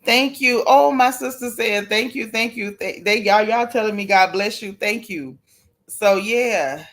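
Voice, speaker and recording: A woman's voice: mid-range voice, measured pace, fairly bright tone. A woman hosting a casual gossip livestream, chatting to viewers and apologizing while she keeps sneezing from allergies.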